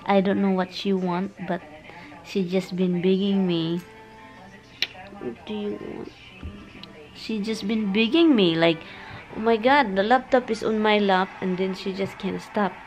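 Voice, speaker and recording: Filipino woman cooing slowly at her dogs. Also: medium pitch, steady tone, soft background music, rough recording. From Philippines. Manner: cooing baby talk to pets, mixing in Tagalog. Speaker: vlogger. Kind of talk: casual vlog talking to her dogs. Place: home with dogs.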